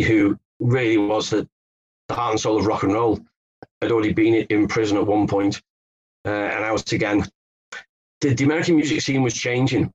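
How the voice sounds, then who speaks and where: A man's voice: medium pitch, slightly rough, dull audio. A man from England, a guest author telling stories in an interview, hesitant with many restarts. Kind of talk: conversational interview.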